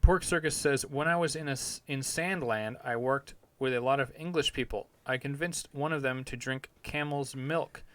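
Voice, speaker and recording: A man's voice: medium pitch, normal speed, hardly any pauses, a bit bright. A man hosting a podcast, rambling crudely and laughing at his own jokes in a casual comedic rant. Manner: rambling, profane, self-amused. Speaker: podcast host.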